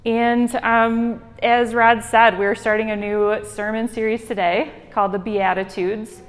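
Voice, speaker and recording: A woman's voice: on the high side, level tone, a little slow. A young woman with a Michigan accent, a hospital chaplain giving an informal, chatty sermon with frequent ums and a self-deprecating manner. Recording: long hall reverb.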